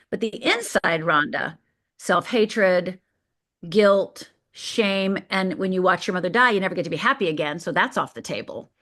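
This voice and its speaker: A middle-aged woman from Michigan, a podcast guest telling her life story in a vivid, paced way with dramatic pauses. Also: lowish voice, a bit bright. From Upper Peninsula of Michigan.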